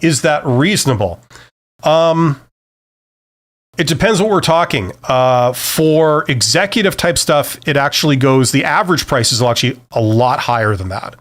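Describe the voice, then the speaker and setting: A man's voice: mid-range voice, animated, moderate pace, fairly bright tone. A middle-aged man hosting a live-stream Q&A, giving career advice in a loose, conversational way full of fillers and restarts. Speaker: career advice host answering viewer questions.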